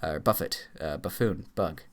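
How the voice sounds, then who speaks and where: A man reading dictionary words aloud in rapid lists for a video challenge, stumbling and filling gaps with short pauses. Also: very deep voice. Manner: rattles off words in quick lists, stumbles and fillers. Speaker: YouTuber.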